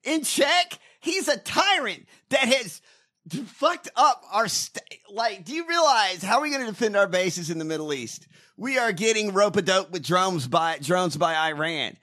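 A man rants about politics in a casual chat, swearing freely. His voice is high and lively, and it has a bright, forceful edge. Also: normal speed. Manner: animated, cursing, ranting. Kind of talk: casual profane political rant.

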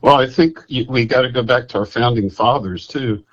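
A man calling in to a radio show, talking in a halting, folksy way and repeating himself. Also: medium pitch, dull audio. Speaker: caller. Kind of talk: casual call-in chat.

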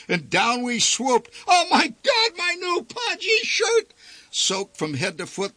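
A man reading a story aloud with theatrical flair, his voice rising and falling in big sweeps. The tone is bright with a breathy, husky grain, set close and dry against a quiet background. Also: sits high, no echo. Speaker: narrator.

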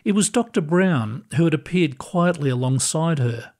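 A man narrating a scripted story in a calm, measured, gentle manner. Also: fairly high pitch.

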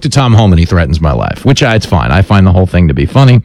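A man's voice: sits low, very animated, a little mellow, no echo. Man, middle-aged, radio talk host, self-mocking banter, dry close sound. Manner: jokey, self-deprecating, quick asides.

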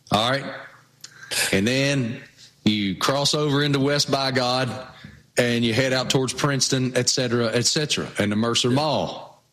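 A man's voice: medium pitch, unhurried, a bit bright. Folksy Southwest Virginia man, chatting. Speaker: co-host. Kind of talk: casual chat.

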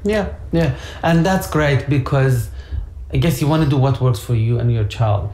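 A woman's voice: rumbling low, moderate pace, mellow, a little hiss or hum. A woman hosting a casual parenting chat, explaining her points with examples and acted-out quotes. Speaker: podcast host. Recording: echoey room.

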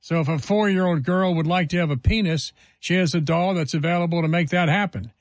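A man's voice: a little high, a little fast, dry recording. Indignant talk radio host, a man. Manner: emphatic, indignant, asks rhetorical questions.

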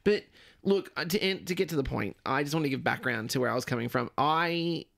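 Australian man, radio panelist, gravelly, chatty and self-deprecating. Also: medium pitch, animated, a little fast, a bit bright. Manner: chatty, self-mocking, giggly. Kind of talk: casual chat.

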